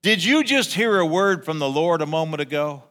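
A man preaching a sermon as pastor, animated, acting out a grumbling crowd in raised voices. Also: on the high side, normal speed, long reverb tail.

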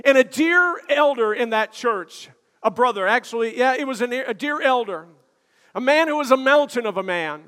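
An older male pastor preaching a sermon, telling stories with frequent "uh" fillers and building to shouted emphasis. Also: very high voice, expressive, moderate pace. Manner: storytelling preacher with many "uh" fillers, rising to shouts. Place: church sanctuary. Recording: long hall reverb.

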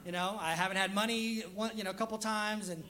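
A man's voice: sits high, fairly even intonation, fast talker, pushed and bright. A male pastor giving a live church sermon in a conversational style, repeating words for emphasis and briefly acting out the people he quotes. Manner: conversational preaching that acts out short quoted voices. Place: church service streamed live.

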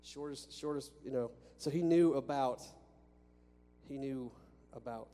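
A man preaches to a congregation as their pastor, in a church sanctuary with a balcony, speaking conversationally with restarts and rhetorical questions. His mid-range voice is mellow and unhurried. Faint music sits behind him, along with a church hall's long reverb and a faint hum.

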